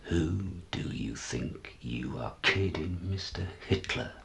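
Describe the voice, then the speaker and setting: An actor playing a deluded, paranoid older man, confiding and jumpy, swinging from hushed to shouting, in a dramatic stage monologue. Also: very deep voice, sing-song, unhurried, gravelly, faint music behind, exaggerated voice. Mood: conspiratorial.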